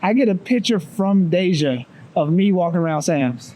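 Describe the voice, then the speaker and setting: A man's voice: high-pitched, lively intonation, moderate pace, mellow, low-quality recording. An American man co-hosting a podcast, telling a funny story in a casual, profane way and laughing often. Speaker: podcast co-host.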